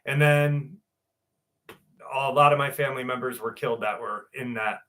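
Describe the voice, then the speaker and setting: A man's voice: medium pitch, moderate pace, fairly bright tone. A man hosting a casual live stream, reading viewer messages aloud and chatting back in a loose, rambling way.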